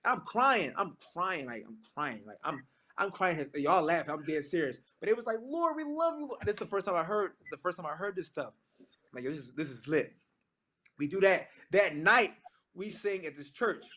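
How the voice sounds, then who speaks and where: Man, 30s, gospel singer, slangy casual testimony, slightly high voice, acts out quotes. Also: moderate pace. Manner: lively and slangy, acting out quoted lines. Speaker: gospel singer sharing his story. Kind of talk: casual storytelling testimony to a church audience. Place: church.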